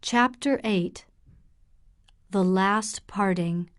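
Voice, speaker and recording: Very slow, careful female storyteller. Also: medium pitch. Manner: clear, careful, deliberate. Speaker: audiobook narrator. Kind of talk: slow graded-reader narration for learners.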